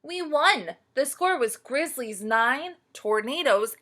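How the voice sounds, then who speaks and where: A woman voicing an eager, shouting team of young baseball boys in a children's storybook. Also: high voice, expressive, takes it slowly, voice pushed up, full character voice.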